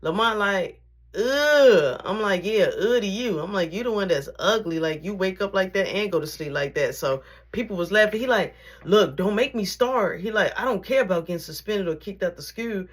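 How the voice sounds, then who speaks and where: A woman's voice: mid-range voice, moderate pace, husky. A woman casually telling a story in slang, acting out the voices of the people in it. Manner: animated, slangy, acts out quotes.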